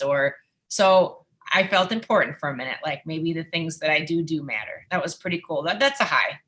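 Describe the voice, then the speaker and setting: A woman, a musician and former wrestling interviewer, telling stories in a chatty, animated way as an interview guest. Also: low-pitched, a little fast. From United States. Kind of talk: casual interview storytelling.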